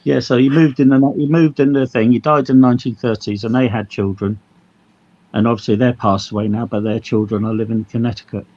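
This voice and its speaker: A man's voice: medium pitch, fairly even intonation, a little fast, a little mellow, dull audio. A man, a guest on a livestream, chatting casually and a bit hesitantly, often saying "mate". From England. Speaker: stream guest.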